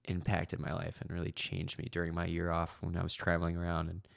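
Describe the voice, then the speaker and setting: A young man with a very low, gravelly voice hosts a casual faith conversation. He speaks haltingly, full of "um"s and restarts. The sound is dry and close, with no room echo. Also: completely flat delivery. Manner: halting, many fillers and restarts. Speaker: podcast host.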